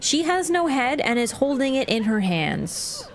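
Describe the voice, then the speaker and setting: A woman streams a game and talks casually to her chat the whole time. Her pitch swings around with a lively, animated lilt. She is chatty and laughs easily, with swearing scattered through her talk. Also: a little slow, slight background noise. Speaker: livestreamer. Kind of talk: casual gaming livestream commentary.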